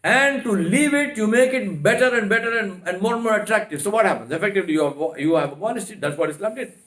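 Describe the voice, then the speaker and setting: A man lectures in a mosque with a raised, fairly high voice. He drives home each point with rhetorical questions and rapid strings of "no." His voice rings around the room. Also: lively intonation, fairly bright tone. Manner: emphatic, rhetorical questions, repeated "no, no, no". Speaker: Islamic lecturer. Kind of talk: religious lecture. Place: mosque hall. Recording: echoey mosque hall.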